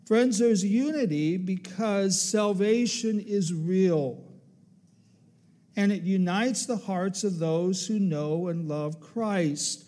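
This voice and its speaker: A man delivers a sermon from the pulpit, taking his time over each phrase. His voice sits fairly high but sounds mellow and warm. He leans on key words and reads scripture in a slow, deliberate cadence. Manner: measured preaching with slow emphatic phrases and scripture quotes. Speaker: pastor.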